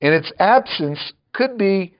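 Slow, chuckling male preacher. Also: sits high, expressive, highs cut off. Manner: chuckles often, wry asides. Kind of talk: sermon.

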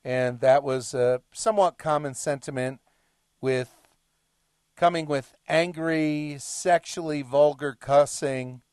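A man's voice: mid-range voice, a little mellow, no echo, studio quality. A middle-aged man hosting a talk show, delivering an emphatic, lecturing monologue. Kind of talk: monologue commentary.

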